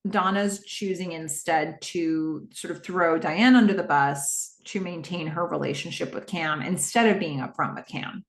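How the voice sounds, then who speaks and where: A woman hosting a podcast, recapping a TV episode in a casual, animated way and quickly acting out the characters' lines. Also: fairly low pitch, echoey room. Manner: animated retelling with quick quoted voices of characters.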